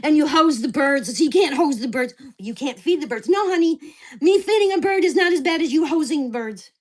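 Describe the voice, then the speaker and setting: A woman's voice: sits high, animated, a little fast. An older woman venting angrily and profanely in a casual vlog rant. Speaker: vlogger.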